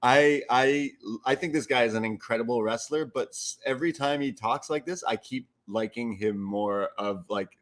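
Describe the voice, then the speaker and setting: A man's voice: mid-range voice, normal speed, hardly any pauses. A man co-hosting a wrestling podcast, rambling casually with repeated words and swearing. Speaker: podcast co-host. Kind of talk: casual chat.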